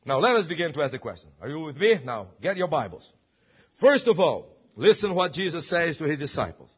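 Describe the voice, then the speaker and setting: A man's voice: on the high side, big pitch swings, fast talker, husky, muffled recording. A man preaching a sermon, emphatic and full of rhetorical questions. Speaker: pastor.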